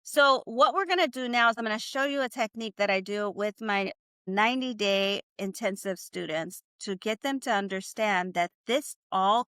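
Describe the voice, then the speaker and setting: A woman's voice: medium pitch, a bit bright, dry recording, studio quality. A woman whose first language is Spanish, teaching a live online class in English and coaching her students with upbeat encouragement.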